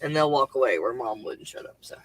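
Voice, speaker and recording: A woman's voice: a bass voice, expressive, normal speed, a bit bright, slightly rough, no echo, rough recording. Rambling woman host on a headset. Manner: rambling, loose, with many fillers and casual swearing. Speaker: livestream host and writer. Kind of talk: casual livestream chat. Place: home computer setup.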